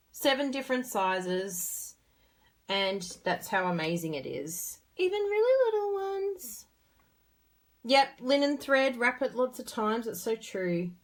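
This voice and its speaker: An Australian woman hosting a casual craft tutorial, chatty and bubbly as she talks through each step while working with her hands. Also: a little high.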